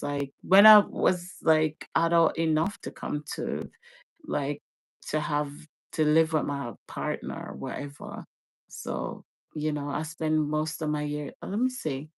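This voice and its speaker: A woman's voice: deep voice, steady tone, slow. A woman from Jamaica in casual live-stream chat, chatty, laughing often and restarting her sentences.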